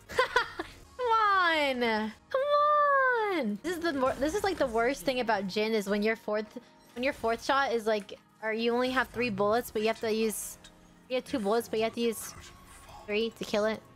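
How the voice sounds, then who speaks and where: A young woman talks through her game on a home stream, her fairly high voice chatty and easily excited. She tends to break into sudden exclamations. Faint music plays underneath. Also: brisk. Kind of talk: casual gaming commentary.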